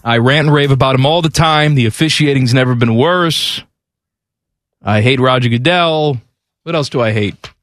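A man's voice: medium pitch, normal speed, a bit bright, no room sound, faint music behind. A man hosting a sports talk radio show, ranting bluntly and confidently about the league.

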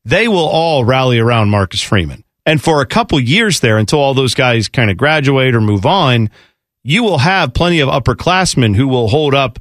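A man's voice: mid-range voice, normal speed, no room sound, clean studio sound. A man co-hosting a sports radio talk show, chatting casually and joking around in mock accents. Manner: animated, jokey, throws in mock accents.

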